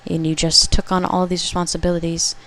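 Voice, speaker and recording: A woman with a slightly low voice leads a collective pick-a-card tarot reading in a casual, conversational way. She keeps checking in with "okay?" and corrects herself mid-sentence.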